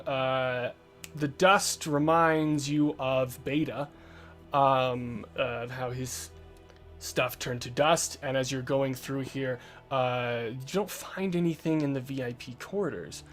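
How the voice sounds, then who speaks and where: A man narrating as game master, slow and halting with many fillers. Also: mid-range voice, fairly bright tone.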